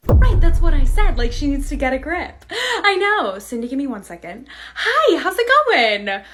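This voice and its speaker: A woman's voice: sits high, very animated, moderate pace, a bit bright, soft background music. A woman acting a whiny, demanding entitled customer in a comedy skit, fake-sweet as she insists on a refund.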